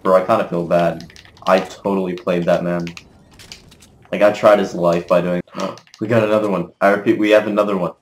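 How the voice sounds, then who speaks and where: A man giving live gameplay commentary as a gaming video creator, excitable, cursing mildly and trash-talking his opponents. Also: low voice, moderate pace. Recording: roomy echo.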